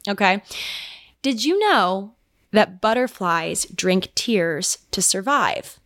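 A woman's voice: mid-range voice, lively intonation, slow pace, fairly bright tone, no echo, studio quality. A young woman hosting a solo podcast, chatting casually and rambling with lots of "like" fillers. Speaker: podcast host. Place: home.

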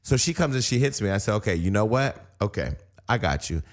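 A man telling profane, animated stories in a casual podcast chat, acting out the quotes. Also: on the low side, brisk. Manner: animated, profane storyteller who acts out quotes. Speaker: podcast co-host.

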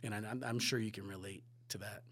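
A man, a photographer and director, telling stories in a casual podcast chat, animated and swearing freely. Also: on the low side, quick pace, dry recording.

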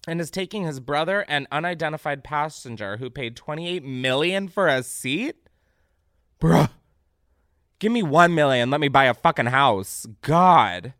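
A man hosting a comedic podcast, reacting loudly to what he reads, swearing freely and laughing often. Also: a little high, sing-song, normal speed, no echo, clean studio sound. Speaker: podcast host.

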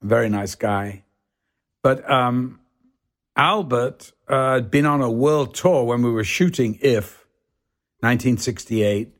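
An older man, a guest on a podcast, telling lively stories and acting out the voices in them. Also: medium pitch, slow. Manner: animated, laughing, acts out voices. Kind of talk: anecdotal storytelling.

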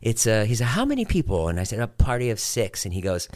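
A man in his forties telling a story as a guest on a podcast, acting out the other people's voices and bursting into shouts and laughter. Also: fairly low pitch, fast talker, no room sound, studio quality. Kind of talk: animated comic storytelling.

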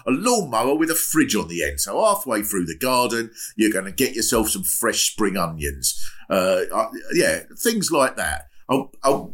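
Man in his sixties, low and animated comic podcast host, wry and rambling. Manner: chatty, self-mocking, breaks into laughter; puts on comic voices for quotes. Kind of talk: comic monologue.

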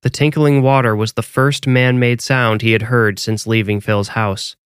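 A man narrating a scripted horror story in a measured, even storytelling way. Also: medium pitch, clean tone, no echo, studio quality.

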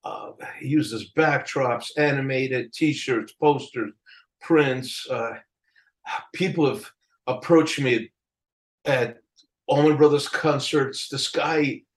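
Animated male storyteller who laughs often. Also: medium pitch, slow pace, poor audio. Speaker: album cover artist telling a story. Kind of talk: casual storytelling interview.

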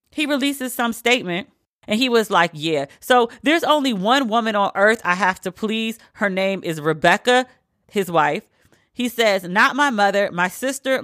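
A woman hosting a podcast, giving blunt, profane commentary with sudden high squeals. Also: sharp tone, no echo, clean studio sound. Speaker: podcast host. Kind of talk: casual commentary.

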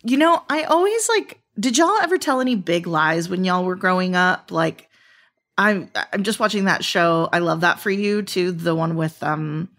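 A woman co-hosting a podcast, chatting casually and teasing the others. Her voice sits low but swings widely in pitch. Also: expressive, normal speed, a bit bright. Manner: laughs often, teasing. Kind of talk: casual chat.

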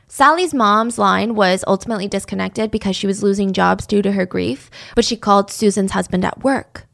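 A woman's voice: mid-range voice, fairly quick, vocal fry, fairly bright tone. A woman narrating a true crime case in a casual, conversational way, with blunt opinionated asides.

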